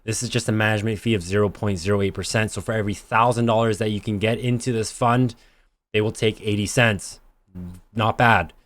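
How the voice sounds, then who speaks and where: Low-voiced man casually explaining investing. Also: steady tone, a little fast, fairly bright tone. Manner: chatty, plainspoken, corrects himself mid-sentence. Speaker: investing channel host. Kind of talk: casual screen-share explainer.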